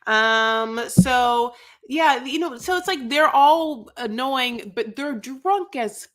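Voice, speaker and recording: A woman co-hosting a casual podcast, relaxed, retelling scenes and acting out the quotes. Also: sits high, slow. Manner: relaxed storyteller, acts out quotes, fillers like "you know". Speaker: podcast co-host. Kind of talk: casual chat.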